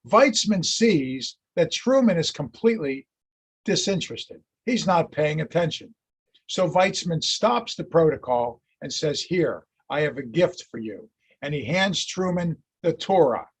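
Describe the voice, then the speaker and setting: A man giving a history lecture as a lively, chatty storyteller. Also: fairly high pitch, a little slow, husky. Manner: animated, chatty storyteller who laughs at his anecdotes.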